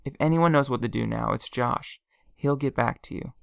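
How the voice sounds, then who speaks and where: A gentle, soothing mother with a slightly lifted voice, as a man reading a storybook puts her on. A gravelly texture stays underneath. The recording is close and dry. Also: mid-range voice, normal speed, no echo.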